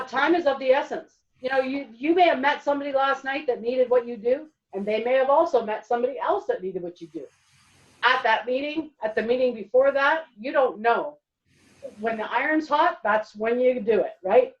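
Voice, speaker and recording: Woman presenter, webinar, chatty and lively, a bit high, distant dull call audio. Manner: lively, chatty, many fillers. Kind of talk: webinar talk.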